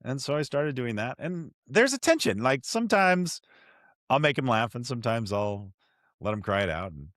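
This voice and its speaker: A man hosting a podcast interview, telling stories in an animated, self-deprecating way with frequent restarts. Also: mid-range voice, normal speed, no room sound, clean studio sound. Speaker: podcast host. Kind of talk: conversational interview.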